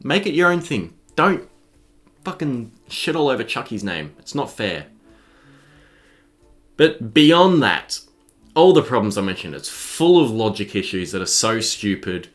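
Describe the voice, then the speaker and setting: A man's voice: lowish voice, very animated, normal speed, faint music behind. A young man, ranting in an exasperated, profane film review. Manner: exasperated, profane, swears freely.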